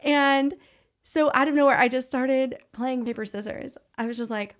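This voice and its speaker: A woman hosting a podcast, telling a personal story in a casual, animated way and acting out the dialogue she quotes. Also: sits high, normal speed. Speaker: podcast host.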